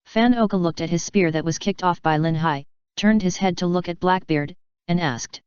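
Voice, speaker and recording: A woman narrating a fanfiction audiobook in a steady, even read-aloud manner. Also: on the low side, moderate pace, clean tone, dry recording, dull audio.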